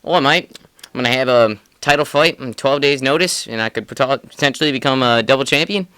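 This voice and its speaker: Casting: an eager, excited fighter, as a man puts him on, crisp and bright. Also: mid-range voice, fairly quick, no echo, natural voice. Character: eager male fighter jumping at a title shot.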